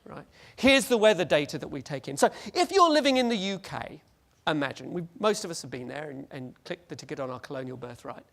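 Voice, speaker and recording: A man giving a lively, joking conference presentation and acting out little scenes. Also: fairly high pitch, brisk, gravelly, hardly any pauses. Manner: animated, jokey, acts out scenes. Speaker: conference speaker.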